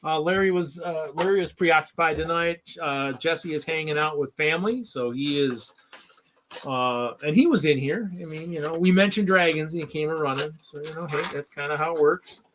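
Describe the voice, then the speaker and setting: A man hosts a casual live stream and rants with exasperated sarcasm, often circling back over the same words. His voice sits a little high and sounds bright and forceful. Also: normal speed, a little hiss or hum. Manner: ranting, exasperated, sarcastic, repeats himself. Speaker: host of a live toy-hobby stream.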